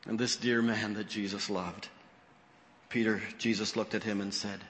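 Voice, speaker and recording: A male pastor preaching a sermon in a church sanctuary, his voice bright and ringing. He tells the story with expression, dropping low and rising high as he acts out the quoted lines. A long reverb trails each phrase through the hall. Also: sing-song, moderate pace.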